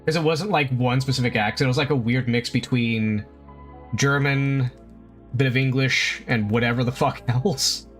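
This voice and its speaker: A man's voice: medium pitch, fairly even intonation, moderate pace, fairly bright tone, soft background music. A man streaming live, chatting casually while he draws. He rambles, laughs often and swears freely.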